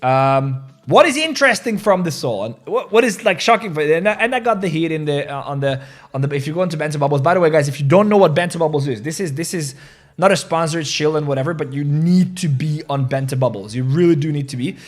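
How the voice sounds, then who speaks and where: Excitable rambling male crypto host. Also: fairly high pitch, fast talker. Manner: rambling and excitable, reads social media posts aloud with laughs. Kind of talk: casual crypto market commentary.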